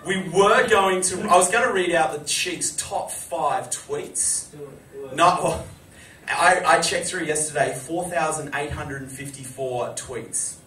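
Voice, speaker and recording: A man hosting a live chat show, telling stories to an audience and breaking into loud shouted impressions. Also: a little high, takes it slowly. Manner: animated storytelling with shouted impressions. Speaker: host. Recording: echoey room from far off, crowd.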